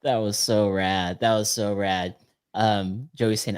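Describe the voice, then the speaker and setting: A man's voice: on the low side, fairly even intonation, slow, clean tone, dry recording. A man hosting a podcast, chatting casually in an upbeat, slangy way and laughing often. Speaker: podcast host.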